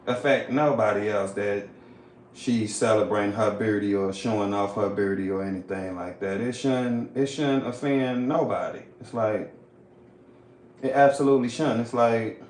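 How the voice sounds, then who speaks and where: A man's voice: lowish voice, normal speed, a little mellow, roomy sound, a little hiss or hum. A man hosting a livestream, reacting in loose, casual talk that is full of swearing. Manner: loose, swearing, drawling commentary. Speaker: livestream host.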